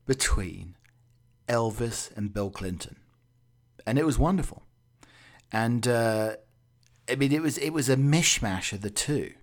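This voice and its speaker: A man's voice: medium pitch, animated, moderate pace. A Scottish man hosting a podcast, rambling through a jokey, musing comic monologue. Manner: jokey, musing, drifts between tangents. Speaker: podcast host.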